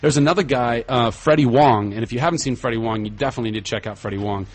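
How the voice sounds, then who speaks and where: A man chatting casually as a podcast guest, enthusiastic and animated, often trailing off into fillers. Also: medium pitch, very fast. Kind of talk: casual chat.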